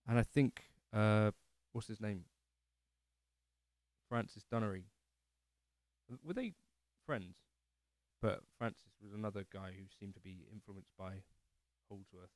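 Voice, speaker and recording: A man's voice: lowish voice, unhurried, pauses often, a little mellow, no echo. A man hosting a casual livestream from his living room, rambling and self-deprecating as he answers chat comments. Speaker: livestream host.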